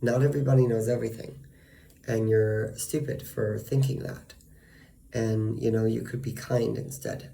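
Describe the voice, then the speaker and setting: A man with a low, gravelly, mellow voice rants in a casual vlog monologue. He swears freely and leans on fillers as he vents. A faint hiss sits under the recording. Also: flat delivery, normal speed. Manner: profane, ranting, frequent fillers. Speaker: vlogger.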